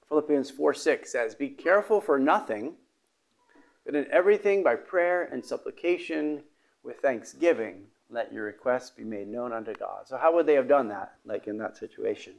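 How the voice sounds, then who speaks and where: A man preaching a sermon in a gravelly voice with some vocal fry. He talks haltingly, with restarts, fillers and throat-clearing, and his pitch sits in an ordinary middle range. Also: expressive.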